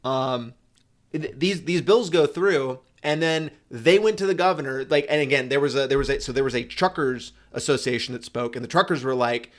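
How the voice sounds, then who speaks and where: A man's voice: mid-range voice, moderate pace. A man chatting casually on a live stream as a motorcycle streamer, rambling and swearing, with frequent restarts. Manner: rambling, profane, restarts often.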